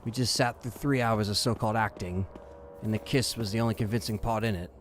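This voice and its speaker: A man doing a mock British accent to quote lines from a film, shouting them angrily with swearing. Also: fairly low pitch, steady tone, a little fast, a little hiss or hum, close to an everyday voice. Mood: deadpan. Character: put-on British film cop quoting lines, angry.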